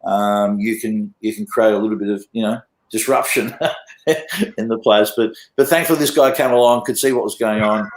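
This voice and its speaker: A man's voice: lowish voice, steady tone, normal speed, echoey room, rough recording. A man with an Australian accent, a guest telling loose, sweary stories in a casual interview. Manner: swears freely, loose storytelling. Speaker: guest, mastering engineer.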